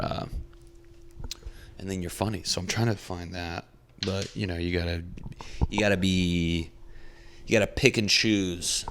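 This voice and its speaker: A man's voice: sits low, fairly bright tone, a little hiss or hum. A young man, a comedian hosting his own podcast, talking in a rambling, profane, self-reflective way. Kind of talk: casual solo podcast monologue.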